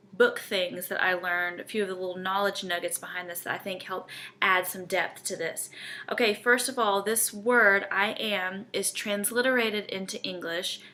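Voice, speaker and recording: A woman's voice: medium pitch, sharp tone. A woman, teaching a Bible study in an earnest, conversational way and often checking in with her listeners.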